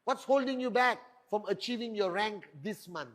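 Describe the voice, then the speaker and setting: Onstage at a network marketing event, a middle-aged man delivers a motivational talk full of rhetorical questions and boasts. His voice is high-pitched and a bit bright, at a moderate pace.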